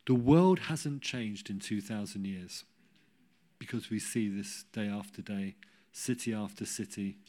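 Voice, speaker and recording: A man preaching a sermon, telling a Bible story with humorous asides and rising to loud cries when he quotes. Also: lowish voice, measured pace.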